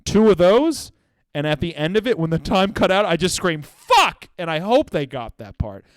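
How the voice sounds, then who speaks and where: Young male comic, high-ish voice, lively storytelling, dry booth sound. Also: a little fast, clear, resonant tone, dry recording. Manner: animated storytelling with acted-out quotes and sudden shouts. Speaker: comedian podcast host. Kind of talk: solo comedic monologue.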